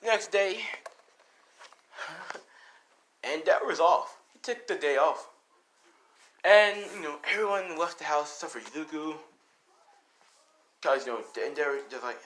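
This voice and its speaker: A man's voice: fairly high pitch, slow, long pauses, a bit bright. A young man casually narrating an improvised fan story, rambling, swearing and full of fillers. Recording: noisy home recording.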